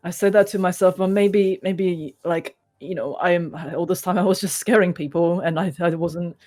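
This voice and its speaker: A fretful toymaker, put on by the game master in a tabletop game. His voice sits high and wavers, full of anxious self-doubt. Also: steady tone, moderate pace, a little mellow, soft background music, lightly acted. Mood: dejected. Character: anxious, downcast toymaker man.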